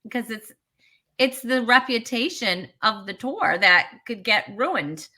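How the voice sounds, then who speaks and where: A woman's voice: on the high side, animated, takes it slowly, bright, forceful tone. A woman comedian talking as a guest in a casual interview, chatty and emphatic, with frequent restarts.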